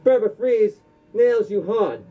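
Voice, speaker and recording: A man voicing a boastful male martial-arts villain from a badly dubbed kung fu film, bragging in slow, drawn-out lines. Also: high voice, animated, faint music behind, heavily acted. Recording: dull lo-fi recording.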